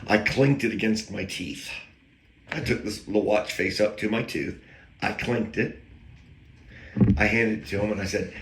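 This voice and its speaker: A man's voice: lowish voice, normal speed, fairly bright tone, a little hiss or hum. A man casually telling an anecdote, rambling with wry, self-aware digressions. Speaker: storyteller. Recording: echoey room.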